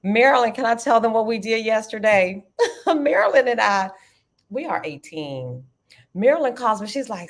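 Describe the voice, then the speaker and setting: Middle-aged woman running a trading livestream, chatty and animated, keeps saying y'all, mid-pitched voice. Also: measured pace. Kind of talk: casual live-stream chat.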